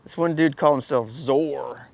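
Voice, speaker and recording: A man's voice: mid-range voice, moderate pace, creaky, darkish tone. A man telling a story in a laid-back, slangy way, cursing often and breaking into laughs. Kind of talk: casual spoken anecdote.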